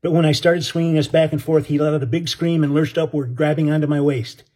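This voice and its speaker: A man's voice: fairly high pitch, level tone, fast, warm tone, slightly rough. A man narrating an audiobook story in an earnest, dramatic way.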